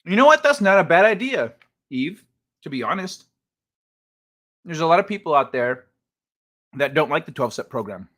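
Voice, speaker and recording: At a moderate pace with frequent pauses, a man hosts a relaxed live-chat stream, bantering with viewers, cursing offhandedly, and laughing a lot. His pitch is a little high for a man and swings with lively animation.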